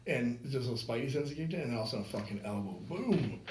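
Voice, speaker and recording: This fast-talking podcast host has a mid-range voice and tells a casual, animated story packed with swearing, doing impressions of the people involved. The room is echoey, with faint background noise.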